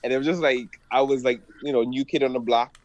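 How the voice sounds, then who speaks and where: Man, mid-pitched, relaxed reflective casual talk. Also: quick pace, highs cut off. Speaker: podcast guest. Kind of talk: casual chat.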